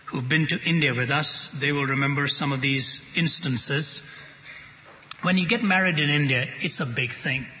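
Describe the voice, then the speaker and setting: A man preaching a sermon to a live audience, telling stories with animated humor, recorded live in a church hall. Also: on the high side, dull audio.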